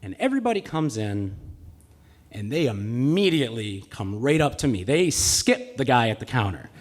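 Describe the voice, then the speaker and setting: A man's voice: medium pitch, very animated, normal speed. A man telling a personal story live on stage, with a comic, self-mocking delivery. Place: live stage in a cultural center.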